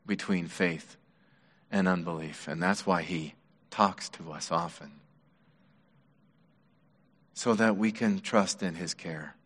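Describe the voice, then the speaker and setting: A man preaching a sermon as pastor, earnest and measured, his voice dropping softly on key words. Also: deep voice, breathy edge. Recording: long reverb of a large hall.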